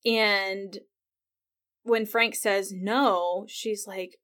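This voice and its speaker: A woman's voice: medium pitch, fairly even intonation, very slow, a bit bright. A woman hosting a podcast who talks casually about a TV episode, using "like" a lot and retelling scenes with feeling. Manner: chatty, says "like" often, retells scenes with feeling. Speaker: podcast host. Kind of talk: casual TV recap commentary.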